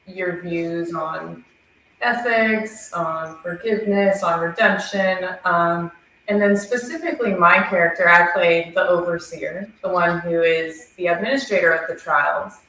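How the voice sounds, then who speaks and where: A woman in the cast talking about her role in a measured, thoughtful way. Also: on the low side, sharp tone. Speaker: actor in the play. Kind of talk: cast interview answer. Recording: very echoey room.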